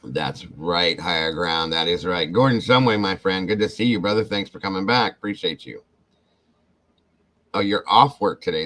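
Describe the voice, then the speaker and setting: Deep-voiced and speaking at a normal pace, this man runs a laid-back livestream, welcoming viewers by name and thanking them warmly and effusively. The audio is rough.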